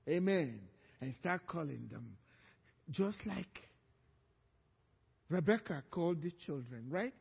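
A high-pitched man preaching slowly, his voice swinging from loud, urgent calls down to hushed, low lines. He sounds like he is in a church hall, with a long echo hanging after each phrase. The recording is dull and lo-fi. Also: vocal fry, slightly rough. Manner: preaching that surges to loud emphatic calls, then drops low and quiet. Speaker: pastor. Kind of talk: sermon.

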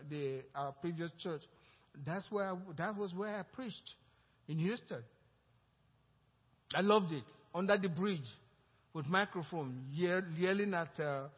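High-voiced man preaching in a reverberant hall. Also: breathy edge. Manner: builds to loud emphatic preaching with call-and-response. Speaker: pastor. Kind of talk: sermon. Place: church. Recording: reverberant church hall, dull lo-fi sound.

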